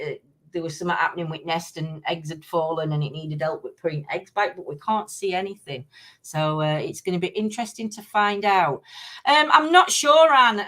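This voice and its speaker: A woman's voice: on the low side, a bit bright. A middle-aged woman hosting a casual live-stream chat, rambling with many ums and restarts as she answers viewers. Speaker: livestream host.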